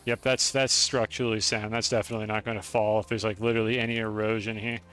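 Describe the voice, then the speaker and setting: A man's voice: on the low side, flat delivery, fast, fairly bright tone, faint music behind. A young man streaming a video game, chatting casually with his chat and swearing freely while he plays. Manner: chatty, profane, talks to chat.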